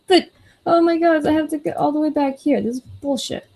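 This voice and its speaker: A woman's voice: high voice, vocal fry, mellow, rough recording. A woman co-hosting a casual chat, exasperated and swearing while she scrolls for a comment. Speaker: co-host.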